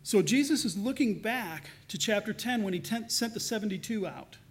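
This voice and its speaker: A man preaching a sermon, earnest, swinging between loud emphasis and soft, hushed lines. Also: high-pitched, expressive, normal speed, slightly rough. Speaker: pastor.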